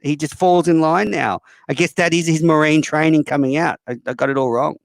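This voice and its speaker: A man's voice: on the high side, fairly even intonation, brisk, gravelly, dry recording. A man hosting a call-in show, talking bluntly and profanely with plenty of fillers. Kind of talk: casual call-in chat.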